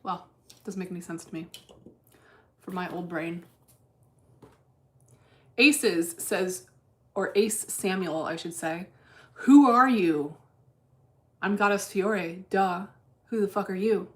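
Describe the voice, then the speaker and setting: A woman hosting a casual livestream, reading chat aloud while day trading, blunt and deadpan with plenty of profanity. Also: on the low side, takes it slowly, pauses often.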